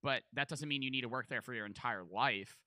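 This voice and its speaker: A male streamer talks back at a video in casual, profane, argumentative bursts, with a very bright, sharp edge to his voice. His mic sounds close and dry, with no room around it. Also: medium pitch, brisk, dry recording. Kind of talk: casual live reaction commentary.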